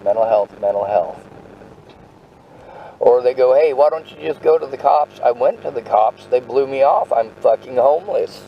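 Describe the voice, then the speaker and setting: A man's voice: mid-range voice, gravelly, dark tone, lo-fi sound, a little hiss or hum. A man telling his story in casual conversation, agitated and profane, often restarting his sentences.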